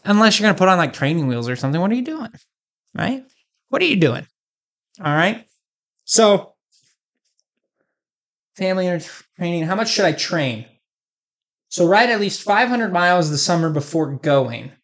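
A man's voice: sits high, lively intonation, normal speed, pauses often, fairly bright tone. A man doing a rambling comic monologue, joking and sarcastic. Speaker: comedic host.

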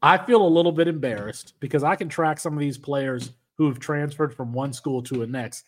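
A man's voice: on the high side, a little fast. Rambling male sports podcast host. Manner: rambling, many restarts. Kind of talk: casual sports podcast chat.

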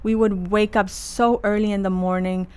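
A woman's voice: mid-range voice, flat delivery, normal speed, a little mellow, clean tone. Chatty woman telling her career story. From Los Angeles area. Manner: chatty, full of "like" fillers. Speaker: fashion designer. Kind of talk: casual storytelling monologue.

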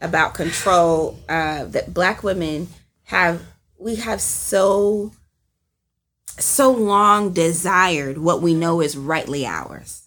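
A woman co-hosting a casual discussion, animated and emphatic, with dramatic pauses. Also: fairly low pitch.

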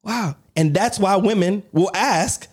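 A man's voice: mid-range voice, brisk. Guy on a chill podcast telling a story, acts out what people said, laughs a lot. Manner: animated storyteller, acts out quoted voices, laughs between lines. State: on crutches. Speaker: podcast co-host. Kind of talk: casual storytelling chat.

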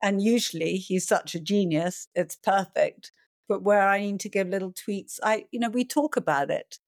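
A middle-aged woman, a film producer, answering interview questions in a calm, reflective way, sometimes acting out a panicked voice. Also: medium pitch, normal speed, dry recording, studio quality. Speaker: film producer and director, guest.

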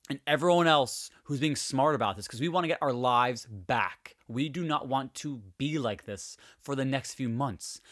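A man's voice: mid-range voice, fairly bright tone, no room sound, clean studio sound. A man hosting a podcast in a candid, emotional monologue, swearing freely as he rants. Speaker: podcast host. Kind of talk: casual podcast chat.

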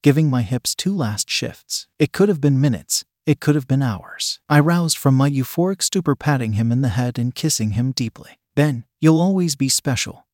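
Man reading a story in a steady voice. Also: mid-range voice, moderate pace, few pauses, no echo, studio quality. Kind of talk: reading an erotic story aloud.

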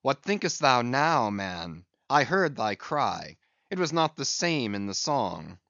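A man's voice: medium pitch, very animated, slow pace, vocal fry, no room sound, highs cut off, full character voice. A man voicing Starbuck, an earnest, anxious ship's first mate who calls out warnings to the crew. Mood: probing. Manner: urgent, shouted warnings.

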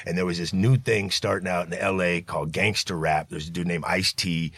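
A middle-aged man from California telling animated, profane stories in a casual studio chat. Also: sits low, brisk, slightly rough, no echo. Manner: animated, profane storytelling with acted-out quotes. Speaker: guest, streetwear brand founder. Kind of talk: casual storytelling. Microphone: studio mic.

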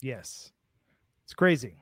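A man's voice: slow pace, no room sound. A man co-hosting a podcast, talking in a laid-back, dry way about wrestling and reading listener comments. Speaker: podcast co-host. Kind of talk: casual wrestling chat.

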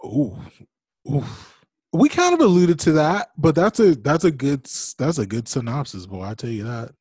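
Lively young man co-hosting a podcast. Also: on the high side, normal speed, husky, dry recording, clean studio sound. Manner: animated, playful, self-deprecating. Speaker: podcast co-host. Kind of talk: casual movie chat.

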